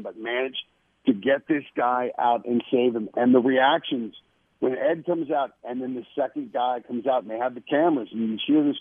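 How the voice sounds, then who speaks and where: A man guesting on a radio show to promote a program, talking with excitement and often repeating words. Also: mid-range voice, no room sound. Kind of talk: casual radio interview. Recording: tinny phone-line sound.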